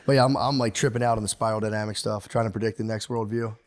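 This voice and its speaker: A man's voice: fairly low pitch, steady tone, fast talker, a little hiss or hum. Rambling, profane man chatting on a podcast. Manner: rambling, profane, laughs often, does mocking voices in quotes. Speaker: podcast co-host. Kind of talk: casual chat.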